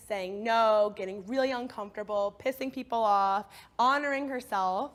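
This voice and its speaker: Woman, coach, storytelling talk, expressive, slightly high voice. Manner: expressive, acts out inner voices. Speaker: speaker, coach.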